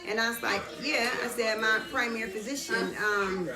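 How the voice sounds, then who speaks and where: A middle-aged woman telling a story in an animated, casual way while getting her hair done, often checking whether the listener understands. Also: on the high side, normal speed, reverberant, music in the background. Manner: animated retelling, keeps asking "you understand?". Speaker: vlogger. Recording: busy background chatter.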